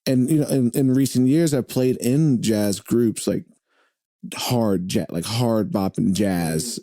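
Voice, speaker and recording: A man chatting as a guest in a relaxed interview, his voice dark and mellow with a fairly low pitch. He rambles, doubles back and fills gaps with "uh" and "like". The sound is close and dry, with no room echo. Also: slow pace. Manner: rambling, many fillers and restarts. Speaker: podcast guest, drummer and radio host. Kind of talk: casual interview chat. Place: host's home.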